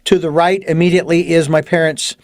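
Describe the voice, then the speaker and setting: High-voiced male podcast host. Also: level tone, no room sound, studio quality. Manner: slow, deliberate questions, with short back-channel replies. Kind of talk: podcast interview.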